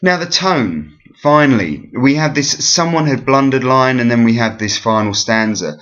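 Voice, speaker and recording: A man's voice: medium pitch, animated, unhurried, a bit bright. A man giving a recorded revision lesson over slides, explaining step by step with frequent ums and self-corrections. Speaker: teacher. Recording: dull lo-fi recording.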